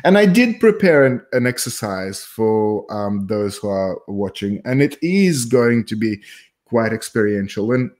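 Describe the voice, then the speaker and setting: A man's voice: on the low side, very animated, measured pace, darkish tone. Hesitant, thoughtful male psychologist. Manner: thoughtful, self-interrupting, laughs at his own jokes. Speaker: psychologist guest. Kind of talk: explanatory conversational talk.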